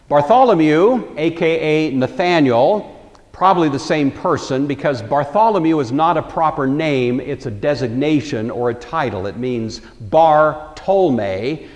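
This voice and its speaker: A man's voice: medium pitch, darkish tone, big-room sound. A man teaching a Bible lecture in a conversational storytelling way, acting out the quoted lines.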